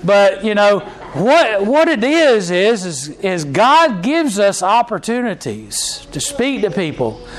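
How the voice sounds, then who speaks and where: A man preaches a sermon. He talks to the congregation like he is chatting, restarting his sentences often and filling pauses with "uh.". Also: sits high, sing-song, rough recording. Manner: conversational preaching with frequent restarts and fillers. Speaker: pastor.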